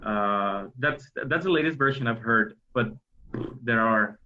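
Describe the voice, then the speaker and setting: A man's voice: on the low side, unhurried, bright, forceful tone. A man, a musician guest talking hesitantly in an interview, full of fillers and restarts. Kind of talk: explaining interview talk. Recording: dull lo-fi audio.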